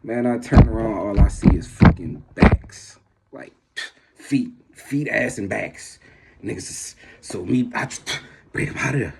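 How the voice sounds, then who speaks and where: A man's voice: a little slow, creaky, noisy background. A man casually telling a story to his viewers, slangy and rambling, with many restarts. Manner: gets loud and high when the story turns tense.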